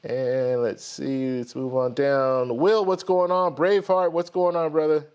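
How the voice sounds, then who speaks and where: A man's voice: a little high, flat delivery, unhurried, darkish tone, clean tone, highs cut off. A man hosting a live stream, greeting viewers by name in a friendly way and then telling his own story in a rambling manner, often restarting his sentences. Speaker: host of a live stream credit card show. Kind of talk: casual live stream chat.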